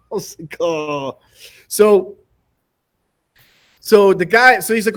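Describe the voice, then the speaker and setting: A man with a high voice, a martial arts instructor appearing as a podcast guest, tells a casual story. He slips into quick impressions of the people involved and laughs often between lines as he animatedly acts out their dialogue.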